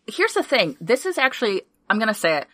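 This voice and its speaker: Bright, excitable swearing woman. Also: a little high, quick pace, no room sound, clean studio sound. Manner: excitable, swears a lot, laughs often. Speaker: podcast co-host. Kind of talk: casual chat.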